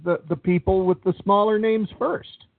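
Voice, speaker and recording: A man's voice: sits high, fairly even intonation, normal speed, creaky, dry recording. A man co-hosting an uncensored talk radio show in a laid-back way, steering the segment along. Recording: dry, distant phone-like sound.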